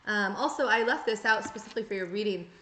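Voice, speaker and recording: A woman's voice: medium pitch, fast talker, fairly bright tone. A woman giving a tarot reading, talking straight to her viewers in an earnest, coaching way and acting out the thoughts she quotes. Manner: earnest, coaching, acts out quoted inner voices. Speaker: tarot reader. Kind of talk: direct-to-camera tarot reading. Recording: echoey room, faint noise.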